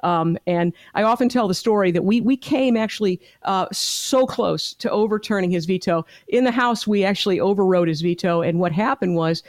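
A woman's voice: mid-range voice, moderate pace, hardly any pauses, dry recording, studio quality. A middle-aged woman activist, a guest in an interview, telling a story in a fervent, emphatic, rallying way. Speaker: pro-life activist guest.

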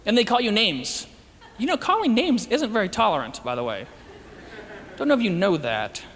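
Man, Christian speaker, high voice, rapid delivery, joking and animated, acts out quotes, long hall reverb. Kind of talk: lively talk to an audience.

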